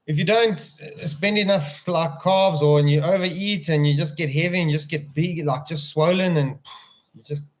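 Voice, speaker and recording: A man with a slightly raised voice chimes into the chat with loose, joking tangents. His delivery is relaxed and meandering. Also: on the high side, moderate pace. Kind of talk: casual chat.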